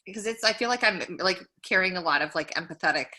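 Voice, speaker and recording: A woman's voice: on the low side, animated, fast, bright, forceful tone. A woman co-hosting a podcast in casual chat, rambling with lots of "like". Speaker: podcast co-host.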